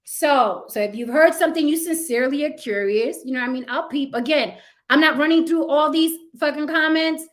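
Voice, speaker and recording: A woman hosts a live stream and speaks straight to her viewers and moderators. Her voice sits on the higher side, and she talks bluntly and emphatically, swearing freely as she makes her points. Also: a little fast. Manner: addresses chat and moderators directly. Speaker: livestream host.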